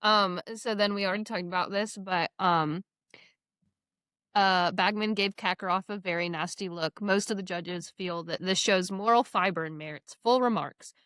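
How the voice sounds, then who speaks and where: A woman's voice: medium pitch, normal speed, fairly bright tone, smooth, no echo. A woman co-hosting a podcast in casual chat, reading passages aloud from a book and breaking off to laugh. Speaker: podcast co-host.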